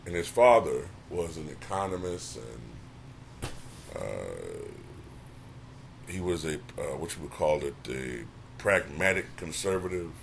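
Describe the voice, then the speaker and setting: A man hosts his own commentary channel in a casual, talkative way. His voice sits very low but swings widely in pitch, turning animated and exasperated at times. A faint hiss runs under the recording. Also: measured pace, creaky. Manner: animated, rising to exasperated near-shouting; says he can sound monotone at times. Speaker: channel host.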